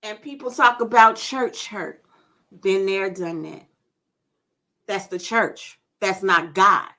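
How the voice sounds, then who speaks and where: A woman's voice: mid-range voice, steady tone, pushed and bright. A woman hosting a gospel radio show, sharing her testimony and encouraging listeners in an emphatic, preacherly way. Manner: preacherly, emphatic, slow and deliberate.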